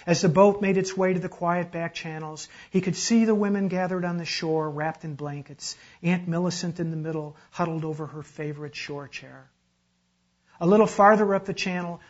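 A man reading a literary story aloud in a measured, dramatic narration. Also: on the high side. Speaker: reader. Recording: dull lo-fi recording.

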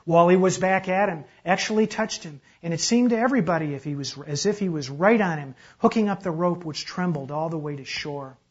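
A man reads a literary story aloud with measured, dramatic narration. His voice sits slightly high for a man, and the recording has a dull, lo-fi quality. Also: breathy edge. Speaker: reader.

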